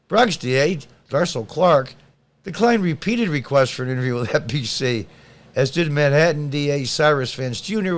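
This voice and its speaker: A man hosting a podcast, reading news items aloud and answering them with blunt, sarcastic, combative political commentary. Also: mid-range voice. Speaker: podcast host.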